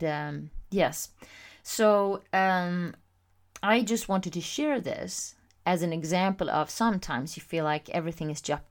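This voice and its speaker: A woman hosting a podcast, telling a personal story in a candid, expressive way with frequent pauses and fillers. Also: fairly low pitch. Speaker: podcast host.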